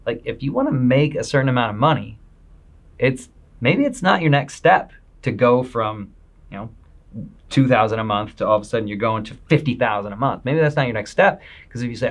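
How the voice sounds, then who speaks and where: A man's voice: mid-range voice, animated, a little fast. A man giving a casual, upbeat motivational talk as a business coach, acting out people's inner voices as he goes.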